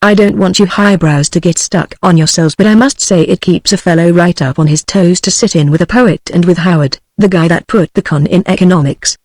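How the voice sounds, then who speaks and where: A British-accented text-to-speech woman voicing a boastful middle-aged male businessman in a novel, delivered flatly. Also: fairly low pitch, a little fast, hardly any pauses, no echo, lightly acted. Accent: British English. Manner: flat synthetic delivery of dialogue.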